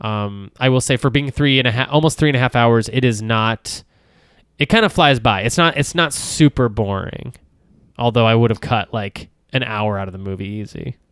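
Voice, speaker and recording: A man's voice: mid-range voice, normal speed, a bit bright, clear, resonant tone, dry recording, clean studio sound. Rambling man chatting about films. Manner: rambling, many fillers and restarts, laughs often, swears casually. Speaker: podcast co-host. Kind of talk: casual film discussion.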